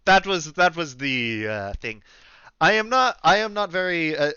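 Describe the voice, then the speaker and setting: A man's voice: fairly high pitch, expressive, measured pace, bright, forceful tone, clear, resonant tone, no echo, lo-fi sound, pitched above the performer's own voice. A man playing an aloof young woman with a French accent. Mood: dry. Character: haughty young woman, niece of a powerful druid.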